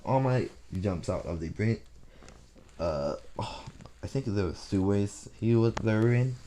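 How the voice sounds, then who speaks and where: A man's voice: on the low side, measured pace, mellow, slight background noise. A man casually retelling a fan-made story off the cuff, thinking aloud and plotting as he goes.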